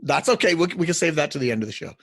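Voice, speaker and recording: A podcast host asking halting questions and laughing often. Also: mid-range voice, animated. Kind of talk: podcast interview.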